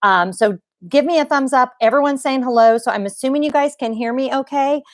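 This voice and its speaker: A woman's voice: sits high, fairly quick, no echo, clean studio sound. A middle-aged woman hosting a casual live stream from home, bubbly and chatty as she greets viewers by name. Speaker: YouTube live stream host.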